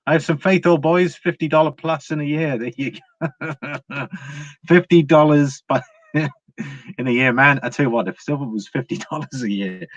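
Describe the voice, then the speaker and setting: A man's voice: mid-range voice, no room sound. An English man hosting a casual livestream about precious metals, chatty and full of fillers, greeting viewers by name as he reads the chat. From England. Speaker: livestream host. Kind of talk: casual live-chat market commentary. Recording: dry, slightly dull home recording.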